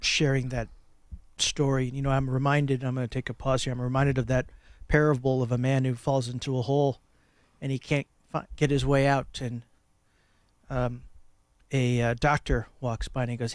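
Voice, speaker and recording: A man hosting a talk radio show, telling a parable and giving impassioned political commentary with emphatic pauses. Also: medium pitch, fairly even intonation, dry recording. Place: radio studio.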